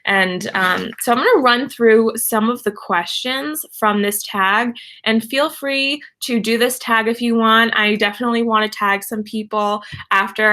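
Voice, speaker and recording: Young woman hosting a live stream, bright and a bit high, gushy and thankful, lots of soft laughs. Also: a little hiss or hum. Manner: gushing and effusive, many thanks and soft laughs. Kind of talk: casual live stream chat, reading out viewer messages. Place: at home.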